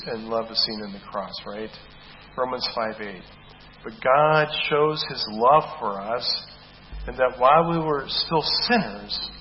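Male preacher, emphatic sermon, slows for scripture, keeps asking "right?", long hall echo, faint hiss. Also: mid-range voice. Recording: dull echoey hall recording with faint hiss.

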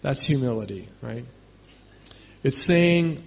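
A man's voice: on the high side, animated, measured pace, a bit bright, husky. A man preaching a sermon in a conversational way, often checking in with "right?" and acting out quotes with emphasis. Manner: emphatic, acts out quotes in raised voice. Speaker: pastor.

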